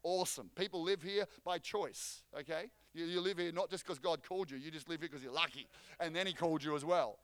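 A man preaching a sermon as pastor, energetic and joking, often restarting his phrases. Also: on the high side, a little fast. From Australia.

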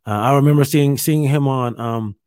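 Halting man talking in a hotel room. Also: medium pitch, darkish tone, clean tone, no room sound, studio quality. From Ohio. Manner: halting, many fillers and restarts, candid. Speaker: stand-up comedian. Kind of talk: casual storytelling to camera.

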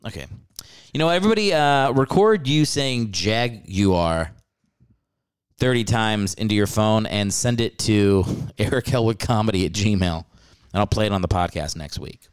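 A man hosting a comedy podcast with a smooth, resonant voice. His pitch swings widely as he rants about sports, swearing freely and breaking into laughter often. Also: animated, normal speed. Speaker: podcast host. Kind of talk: casual comedic sports rant.

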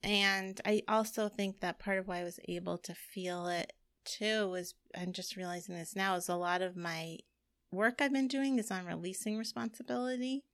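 A middle-aged woman talks through a long personal story in loose, rambling chat, her voice carrying a gravelly fry. The sound is dry and close, with no room around it. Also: mid-range voice, fairly even intonation, normal speed, fairly bright tone, no echo. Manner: chatty, rambling with frequent "like" and laughs. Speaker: podcast co-host. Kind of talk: casual chat.

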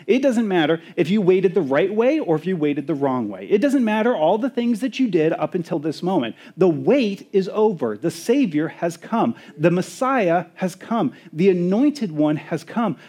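A male pastor preaching a sermon, sometimes singing hymn lines, excitable and then softening into prayer. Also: sits high. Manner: exuberant, rising to near-shouts of joy; lapses into soft, intimate prayer.

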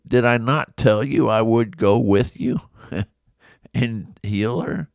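Slow and clear, with a resonant mid-range voice, a man leads a conversational Bible lesson and acts out the figures in the story. No room sound intrudes on the clean studio audio.

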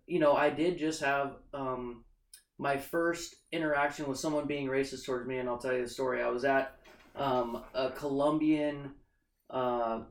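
A man from the United States in casual political chat, telling stories in an animated, emphatic way. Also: medium pitch. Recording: echoey room, faint background noise.

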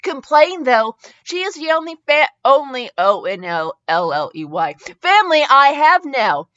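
A young woman hosting a comedy podcast reads a fanfiction aloud, adding mocking asides and spelling out the misspelled words. Her voice sits high and sing-song, a little slow, pushed and bright. The audio is dull and lo-fi.

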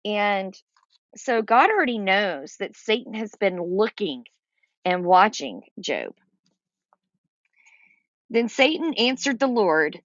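A woman's voice: medium pitch, very animated, slow, long pauses, no echo. Woman teaching scripture, dull dry sound. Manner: reads scripture aloud then explains it plainly, with fillers. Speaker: Bible teacher. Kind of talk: Bible study teaching.

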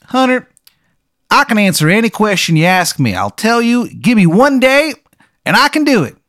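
A man's voice: high voice, sing-song, normal speed, fairly bright tone, no room sound, studio quality, pitched above the performer's own voice. Man putting on a terrible Maryland drawl. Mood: wheedling. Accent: Maryland, badly put on.

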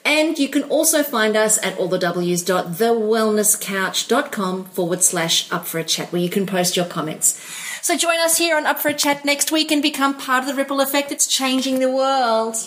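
A woman's voice: a little high, animated, moderate pace, fairly bright tone, poor audio. Bubbly woman hosting a podcast. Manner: bubbly, laughs often. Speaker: podcast host. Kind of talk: scripted show wrap-up.

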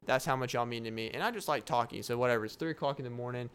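A man's voice: medium pitch, rapid-fire, clean tone. A young man hosting his own podcast, rambling through stories with lots of fillers and laughs. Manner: rambling, animated storytelling with frequent laughs and fillers. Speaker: podcast host.

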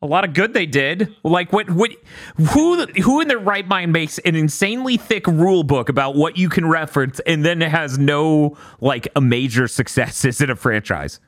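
A man chatting about video games on a podcast, excitable and quick to launch into a rant. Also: a little high, no room sound, studio quality. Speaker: podcast co-host. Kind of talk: casual gaming podcast chat.

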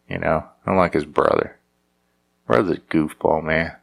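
A man's voice: rumbling low, fairly even intonation, normal speed, creaky, husky. A married man riffing in a casual, sarcastic, rambling monologue, often restarting his sentences. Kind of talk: casual comedic commentary.

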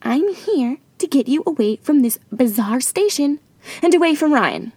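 A woman's voice: high voice, animated, normal speed, a little mellow, no room sound. Ditzy wannabe-starlet sister played by a woman, fake American accent, theatrical comedy audio drama. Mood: flippant. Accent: put-on American. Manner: ditzy, theatrical, self-absorbed.

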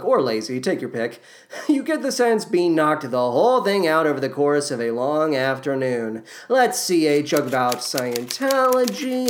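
A man's voice: fairly high pitch, slight background noise. A man hosting a podcast, reviewing a musical in a sarcastic monologue full of mocking, jokey asides.

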